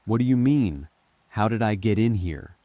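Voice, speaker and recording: A man's voice: on the low side, lively intonation, moderate pace, mellow, no room sound, voice pushed up, close to an everyday voice. A man doing a puzzled scolding wife. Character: bewildered, nagging wife, annoyed then scared.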